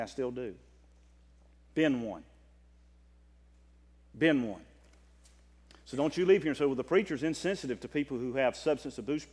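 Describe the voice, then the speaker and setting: A man with a Southern US accent preaching a sermon, passionate, swinging from loud drawn-out declarations to quiet quick asides. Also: medium pitch, long reverb tail.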